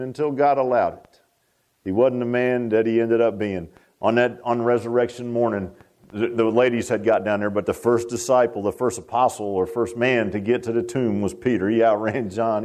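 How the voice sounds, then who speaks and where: This is a man giving a passionate sermon, swinging from loud, high peaks down to soft, low passages. He keeps repeating his words as he preaches.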